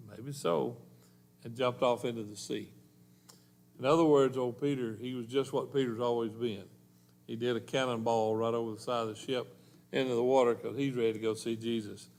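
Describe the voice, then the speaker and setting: Folksy preacher, earnest and plain. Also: male voice, mid-range voice. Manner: folksy, earnest preaching with rural turns of phrase. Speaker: pastor. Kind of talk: sermon. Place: church.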